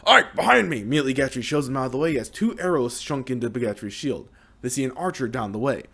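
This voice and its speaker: A young man casually narrating the story of a video game, with restarts and a lively manner. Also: mid-range voice, fast. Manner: lively, hesitant retelling with restarts.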